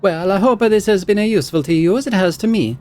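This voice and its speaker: A man voicing an excitable female scholar who studies souls, in a chirpy, clinical manner. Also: high voice, fast, soft background music, voice pushed up.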